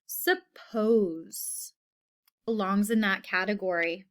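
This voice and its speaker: A woman's voice: on the high side, expressive, slow, fairly bright tone. A woman teaching a phonics lesson to children, patiently repeating each word and giving example sentences.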